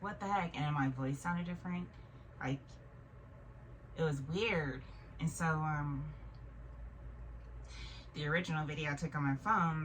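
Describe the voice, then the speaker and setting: A woman's voice: low-pitched, a bit bright. A woman in her thirties, telling a long casual story as a vlogger, rambling with many fillers and restarts. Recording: distant mic with faint noise.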